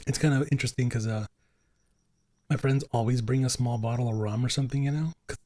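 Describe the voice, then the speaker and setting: A man's voice: mid-range voice, fairly even intonation, fast talker, dark tone, dry recording. Chatty male podcast host, dry sound. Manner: rambling, chatty, with frequent fillers and restarts. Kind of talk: casual chat.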